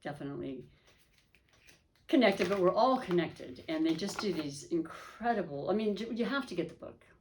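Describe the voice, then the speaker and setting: A woman's voice: lowish voice, expressive, normal speed, a little hiss or hum. A woman giving a casual, rambling tarot reading, emotional and often correcting herself. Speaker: tarot reader.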